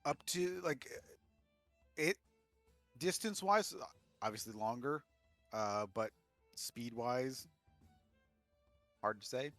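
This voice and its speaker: A man's voice: mid-range voice, expressive, takes it slowly, pauses often, fairly bright tone, no room sound, soft background music. A man running a tabletop game as game master, talking loosely with many fillers. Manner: loose and filler-heavy, laughing easily.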